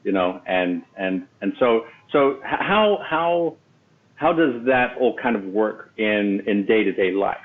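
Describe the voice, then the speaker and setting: A man hosts in a loose, conversational way, stumbling over repeated words and checking in with "right?". His voice sits on the lower side. He comes through a thin, phone-like connection. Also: expressive, unhurried. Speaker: podcast host. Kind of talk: casual interview chat. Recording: tinny phone-like line.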